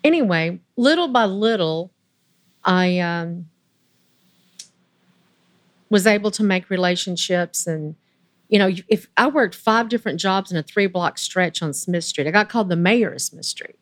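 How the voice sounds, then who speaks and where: A woman in her sixties with a Southern US accent, telling her life story as an interview guest in a chatty, animated way. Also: measured pace, long pauses, no room sound. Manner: chatty, animated, voice rising high when excited. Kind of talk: personal storytelling.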